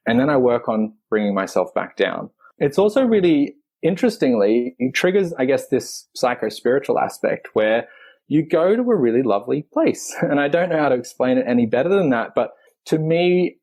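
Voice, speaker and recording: A man, a physical therapist guest on a podcast, explaining in a reflective way with the odd soft laugh. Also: medium pitch. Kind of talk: conversational podcast interview.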